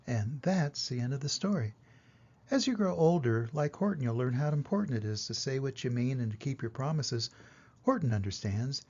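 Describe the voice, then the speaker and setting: Old grandpa reading a kids' story, sing-songy, voice swoops around, lo-fi sound. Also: male voice, mid-range voice, animated, moderate pace. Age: older. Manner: sing-song rhyming delivery, warm advice to a child. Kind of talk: storybook read-aloud. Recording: lo-fi dull recording.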